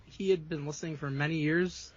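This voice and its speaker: A man's voice: on the high side, fairly even intonation, a little fast, lo-fi sound. A man co-hosting a podcast in easygoing casual chat. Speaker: podcast co-host.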